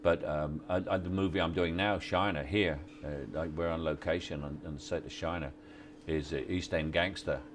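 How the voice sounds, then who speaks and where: A man, giving relaxed, halting interview answers on location at a film set, with many restarts and wry chuckles. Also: low voice, slight background noise. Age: 60s. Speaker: actor interviewee.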